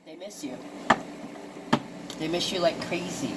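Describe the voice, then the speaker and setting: A woman's voice: on the low side, measured pace, heavy background noise. A woman doing a casual tarot card reading for her viewers. She talks chattily, swears freely and exclaims at the cards she draws.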